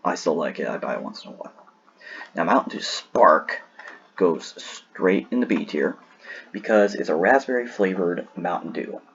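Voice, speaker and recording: A man with a very husky, breathy voice talks casually and sleepily, wandering and correcting himself as he goes. The recording sounds dull and lo-fi. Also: sits low, moderate pace. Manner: relaxed, rambling, restarts often. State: sleepy, yawning. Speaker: tier list host. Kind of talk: casual solo commentary.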